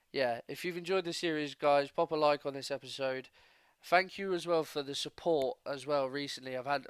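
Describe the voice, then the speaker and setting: A man hosting a gaming channel, commentating a football sim match play-by-play and bursting into loud cheers at goals. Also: medium pitch, smooth, dry recording.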